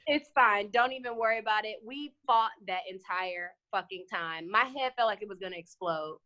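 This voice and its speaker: A woman's voice: medium pitch, moderate pace, bright, forceful tone, lo-fi sound. A woman co-hosting a podcast, telling a rambling, swearing travel anecdote in casual chat. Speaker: podcast co-host. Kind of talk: casual storytelling.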